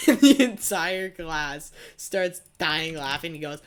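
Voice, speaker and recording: Lively sarcastic teenage boy gamer. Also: a little high, takes it slowly, few pauses, smooth. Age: teens. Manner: sarcastic, profane, rambling storyteller. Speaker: gaming channel host. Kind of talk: casual gameplay commentary.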